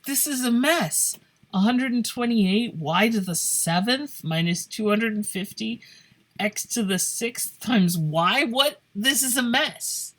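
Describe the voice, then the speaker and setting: A woman's voice: fairly high pitch, fairly bright tone. A woman teaching a math lesson in a playful, joking way, thinking aloud as she works through problems. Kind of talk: casual classroom lesson. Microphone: phone camera over paper.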